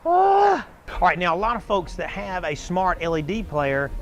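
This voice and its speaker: A man's voice: sits high, wildly swooping pitch, moderate pace, dull audio, slight background noise. A middle-aged man, speaking as a store spokesman and host in a chatty, earnest way and stumbling over scripted lines. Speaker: store spokesman hosting a showcase show. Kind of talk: casual folksy pitch to viewers.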